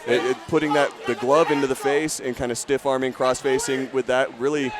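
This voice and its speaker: A man's voice: mid-range voice, little pitch movement, brisk, a crowd in the background. A man doing live fight commentary, chatty and upbeat, often stumbling and restarting his sentences.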